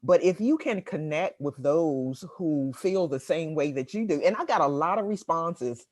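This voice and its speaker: A middle-aged woman from Washington, D.C., a guest writer chatting in an interview, laughing often and pausing on fillers. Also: low voice, lively intonation, darkish tone, no room sound. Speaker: guest writer and real estate agent. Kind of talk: casual interview conversation.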